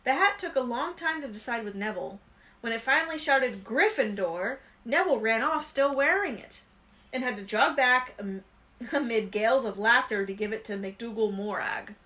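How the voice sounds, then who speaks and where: A woman reading a children's fantasy novel aloud with expressive, lively storytelling. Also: fairly high pitch, normal speed. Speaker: reader.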